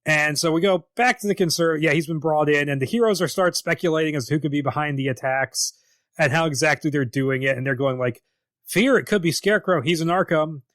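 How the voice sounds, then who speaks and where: A man's voice: a little high, quick pace, fairly bright tone, no room sound, studio quality. A man co-hosting a podcast in casual chat, wry and laughing easily as he retells scenes, with some swearing. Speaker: podcast co-host.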